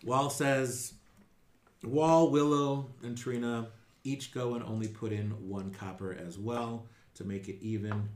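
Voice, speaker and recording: A man's voice: mid-range voice, steady tone, a little slow, darkish tone, echoey room. A man running a tabletop game as game master, narrating casually with fillers. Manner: casual, rambling with fillers, laughs often.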